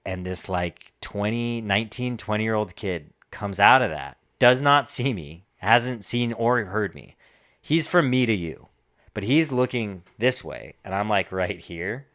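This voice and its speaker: A man's voice: on the low side, animated, unhurried, a bit bright, no room sound, clean studio sound. A man co-hosting a podcast, telling a story in a casual, laid-back way, swearing and laughing now and then. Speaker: podcast co-host.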